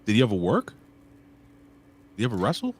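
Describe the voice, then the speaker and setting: Deep-voiced profane man chatting casually. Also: a little fast, husky. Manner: loose, profane, animated storytelling. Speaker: co-host. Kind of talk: casual podcast chat.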